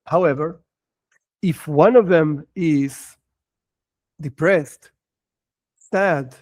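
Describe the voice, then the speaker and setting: A man's voice: a little high, darkish tone, no echo. A man, a rabbi, giving an earnest religious lesson, explaining ideas simply and acting out short scenes with bursts of raised voice. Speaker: rabbi teaching a class.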